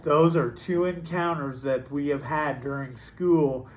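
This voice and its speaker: A man who teaches and coaches, telling ghost stories from his classroom in an easygoing, playful way. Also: a little high. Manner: easygoing and playful, drawn-out pauses. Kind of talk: casual storytelling.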